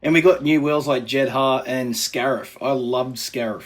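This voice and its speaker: Upbeat podcast host. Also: male voice, medium pitch, normal speed. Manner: jokey and upbeat. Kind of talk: casual fan chat.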